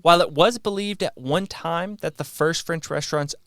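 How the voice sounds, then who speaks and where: A man's voice: on the high side, moderate pace, a bit bright, no echo, studio quality. A man co-hosting a podcast in a laid-back, casual chat, swearing now and then and running a trivia quiz. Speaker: podcast co-host.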